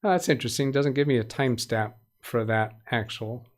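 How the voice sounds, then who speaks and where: A man's voice: mid-range voice, steady tone, brisk. A man hosting a casual tech-help live stream from a home studio, chatty, greeting viewers by name and making light puns. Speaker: livestream tech help host.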